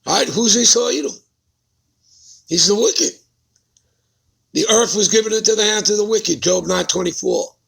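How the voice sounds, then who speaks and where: A man's voice: sits high, normal speed, vocal fry, long pauses, a bit bright, slightly rough. A man preaching a Bible-study sermon who keeps putting rhetorical questions to his listeners and checking in with them.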